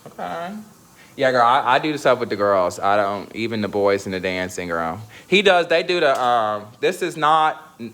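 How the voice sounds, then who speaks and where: A young man chatting casually to his viewers, sassy and slangy, breaking into laughs and high squeals. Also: very animated, normal speed, fairly bright tone. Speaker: vlogger.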